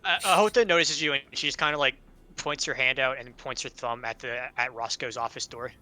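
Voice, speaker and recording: A man narrating as game master of an online tabletop game, relaxed and hesitant with fillers. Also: medium pitch, brisk, low-quality recording.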